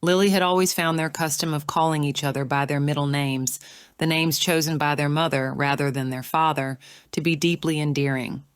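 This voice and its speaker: An audiobook narrator with a low, smooth woman's voice reads scripted narration in a measured, even storytelling manner. The recording is clean studio sound with no echo.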